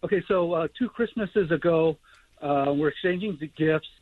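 A man calling into a radio show, easygoing and halting as he tells his story. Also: a little high, no echo, phone-quality sound. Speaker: caller. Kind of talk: phone call-in story.

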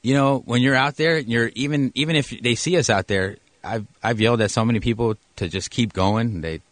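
A man who is a police officer, answering questions on a radio show in a halting, matter-of-fact way that often corrects itself. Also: medium pitch. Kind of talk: casual radio interview answers.

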